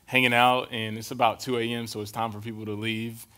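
A young adult man delivers a sermon in an easygoing, chatty way. He moves through personal stories and keeps checking in with his listeners. His voice sits at an average pitch for a man. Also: little pitch movement, fairly quick, pushed and bright. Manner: casual, storytelling, keeps checking in with "right?". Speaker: preacher. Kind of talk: conversational sermon.

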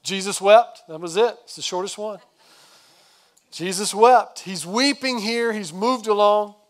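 A male pastor giving a sermon, retelling the story in a casual, conversational way with quick asides. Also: high voice.

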